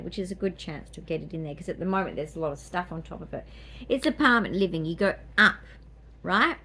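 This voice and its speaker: A woman's voice: medium pitch, slightly rough. An Australian woman vlogging in a rambling, chatty way, with playful asides and small laughs. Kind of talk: casual chat.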